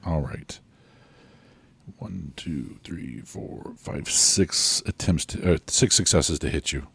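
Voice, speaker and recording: Deep-voiced guy running a tabletop game, husky, talks it through slowly. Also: a bit bright. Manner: measured, thinking aloud over rules. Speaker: game master.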